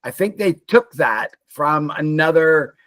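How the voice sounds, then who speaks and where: Animated man retelling a story. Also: on the high side, slow pace, no echo. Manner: animated storyteller, acts out characters in quotes. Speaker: podcast co-host. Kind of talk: casual chat.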